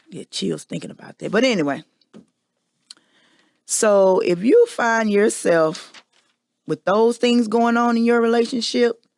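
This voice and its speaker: A woman's voice: on the high side, lively intonation, takes it slowly, gravelly, pauses often, a little mellow. A woman hosting a podcast, telling a personal confession in a candid, emphatic storytelling manner. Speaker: podcast host.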